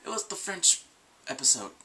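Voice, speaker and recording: A young man talks through a TV episode in a loose, rambling review. His voice has a gravelly edge and a bright, forward tone. He keeps acting out scenes in quoted voices, and faint room noise sits behind him. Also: fairly high pitch, sing-song, normal speed. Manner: rambling, goes off on tangents, often laughs. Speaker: video reviewer.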